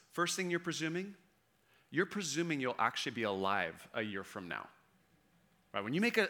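Bright-voiced man preaching conversationally. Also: mid-range voice. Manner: conversational, emphatic preaching with frequent "right?" and "okay?". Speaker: pastor. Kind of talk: sermon.

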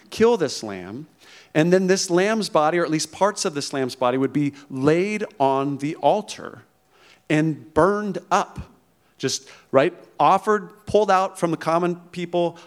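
A male pastor preaching a conversational sermon who often checks in with the congregation. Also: fairly high pitch. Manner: conversational, emphatic, checks in with "okay?" and "right?".

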